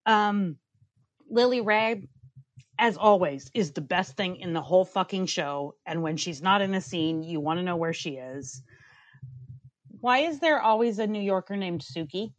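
A woman's voice: on the low side, animated, measured pace, dry recording. A woman co-hosting a podcast, giving blunt, profane, opinionated reviews in casual chat and ranting with bursts of laughter. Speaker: podcast co-host.

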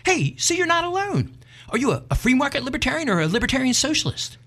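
A shrill, high-pitched woman who fires off questions with zealous eagerness and turns sharp in an instant, as a man puts her on. The voice sits far above a man's natural register. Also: very animated, full character voice. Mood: eager. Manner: eager, rapid questioning, sudden yelling.

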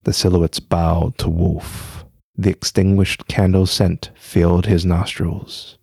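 A man reads a scripted story in a measured, even manner. His voice is very low with a gravelly fry. The recording is close and dry. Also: no echo.

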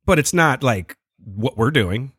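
A man in easy podcast banter, joking and telling stories. His pitch rises and falls a lot as he talks. The sound is dry and close, with no room around it. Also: unhurried, husky, dry recording. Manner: joking, animated storytelling. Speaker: podcast co-host. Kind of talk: casual chat.

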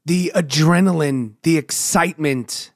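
A man's voice: on the high side, measured pace, no echo, clean studio sound. A man from New York hosting a podcast, ranting about sports with heavy swearing and sing-song chanted intros. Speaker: podcast host. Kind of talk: profane sports rant.

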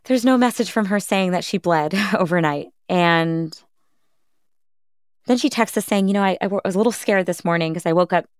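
In a clean studio recording with no room sound, a podcast host in her thirties tells her own story during an interview. Her voice is fairly low, brisk and clean-toned. She's earnest and reflective, often bringing other people's words to life as she retells them.

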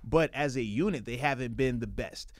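A man's voice: medium pitch, normal speed, dry recording. A man co-hosting a sports talk show, joking and emphatic as he breaks down the team. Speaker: sports analyst co-host.

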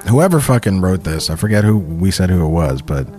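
A man co-hosts a podcast table read and keeps breaking in with crude wisecracks. His voice is very lively, swinging up and down as he jokes. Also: low voice, brisk, soft background music. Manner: profane, wisecracking. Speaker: podcast co-host. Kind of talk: casual banter.

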